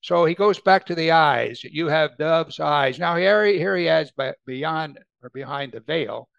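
Gravelly-voiced man preaching a sermon. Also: fairly high pitch, moderate pace, no echo, muffled recording. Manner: conversational, animated when quoting scripture. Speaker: pastor.

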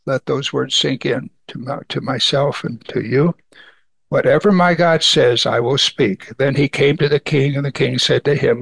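A man's voice: medium pitch, moderate pace, gravelly, a bit bright, no room sound. A man preaching a sermon, reading scripture aloud and explaining it in a conversational way.

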